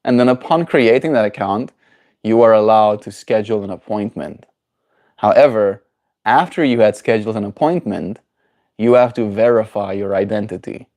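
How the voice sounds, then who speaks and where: Man, low voice, casual livestream chat, playful, rambling. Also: darkish tone. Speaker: daily streamer.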